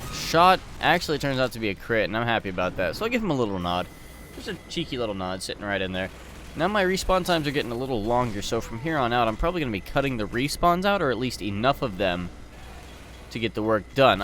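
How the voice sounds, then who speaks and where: A man talks through his own gameplay in a relaxed, conversational voice-over, explaining each move as it happens. His pitch sits in an ordinary middle range, and a faint hiss runs under the recording. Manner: relaxed play-by-play, swears casually. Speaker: gameplay commentator.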